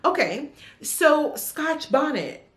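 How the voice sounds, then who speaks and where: A woman chatting casually about books she has read, sassy and animated, with big swings in her voice. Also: high voice, slow pace. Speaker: book vlogger. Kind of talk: casual book review chat. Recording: echoey room.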